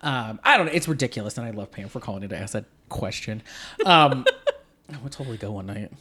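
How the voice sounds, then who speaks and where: A man's voice: lowish voice, expressive, fast talker, sharp tone, slight background noise. A man in his forties hosting a podcast, chatting casually, swearing freely and laughing often as he rambles through stories. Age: 40s. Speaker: podcast host. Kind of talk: casual chat.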